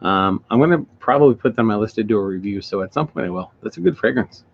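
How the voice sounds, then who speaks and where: A man's voice: on the low side, animated, fast, vocal fry, slight background noise. A married man co-hosting a casual podcast, telling rambling stories in a laid-back way. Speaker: podcast co-host. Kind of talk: casual chat. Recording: dull lo-fi sound.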